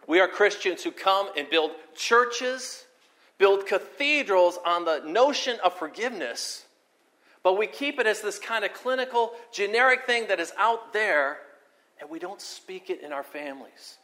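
A pastor preaching a sermon, earnest and storytelling, moving between forceful emphasis and quiet, intimate moments. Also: male voice, high-pitched. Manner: animated storyteller, repeats words for emphasis.

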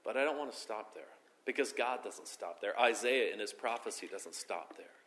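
A pastor delivers a sermon in a bright, forceful male voice. He presses key phrases with emphasis, then lets sentences fall away quietly and slowly. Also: on the low side, animated. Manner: preaching with rising emphasis and soft, slow drops at phrase ends.

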